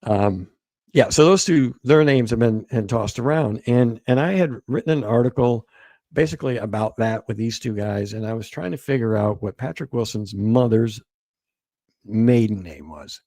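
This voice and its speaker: A man recounting events as a guest, halting and repeating words as he quotes what others told him. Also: medium pitch, animated, warm tone, no room sound. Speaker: guest author. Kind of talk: storytelling interview.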